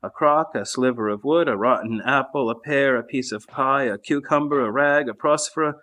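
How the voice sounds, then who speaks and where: A man reading a saint's life aloud in a monastery refectory at mealtime, measured and even, with small slips. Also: mid-range voice. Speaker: reader. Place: monastery refectory during a meal.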